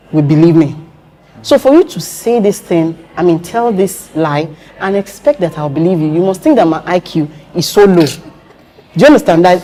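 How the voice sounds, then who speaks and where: A woman telling stories in a casual conversation, acting out the voices she quotes. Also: on the low side. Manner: animated storytelling, acts out quoted voices.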